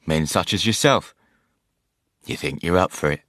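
A jovial old male ship's pilot , as a male reader puts him on, low and drawling with a teasing, knowing manner. The recording is dry and close, with no room in it. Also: normal speed, fairly bright tone, dry recording. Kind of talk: audiobook character voice.

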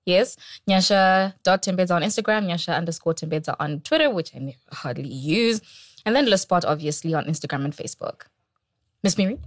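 A woman from Zimbabwe co-hosting a podcast, playful and teasing, with quick asides. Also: on the low side, no echo, studio quality. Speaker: podcast co-host. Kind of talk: casual chat. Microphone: shared mic passed around.

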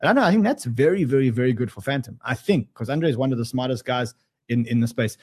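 A man's voice: medium pitch, animated, fast talker, a little mellow, husky. A man with an Australian accent hosting a casual livestream, joking and rambling with many restarts. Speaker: livestream host.

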